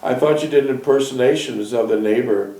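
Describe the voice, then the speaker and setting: A man hosting an interview, firing off brisk questions and answering with short acknowledgments. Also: mid-range voice, warm tone, roomy sound, rough recording. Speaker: interviewer, show host. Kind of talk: reading aloud and asking interview questions.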